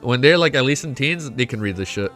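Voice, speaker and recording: A young man chatting casually on a live stream while reacting to a web novel, excitable and swearing often. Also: medium pitch, a little fast, faint music behind.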